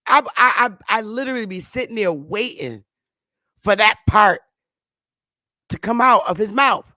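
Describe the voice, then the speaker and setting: A woman hosting her own channel, chatting to viewers in a loose, profane way, laughing often and stammering when she gets excited. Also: mid-range voice, measured pace, no room sound, clean studio sound. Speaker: channel host. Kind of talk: casual commentary to viewers.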